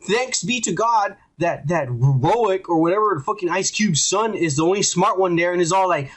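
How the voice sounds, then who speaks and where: A man co-hosting a podcast, ranting profanely in casual chat and acting out scenes in quick quoted voices. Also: high voice, animated, a bit bright. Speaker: podcast co-host.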